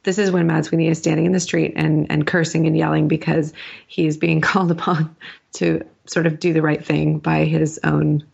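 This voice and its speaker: A woman's voice: low-pitched, little pitch movement, normal speed, creaky, darkish tone, breathy edge. A woman co-hosting a podcast, chatting casually and reading listener mail aloud, laughing often between points. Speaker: podcast co-host. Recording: dull, lo-fi mic sound.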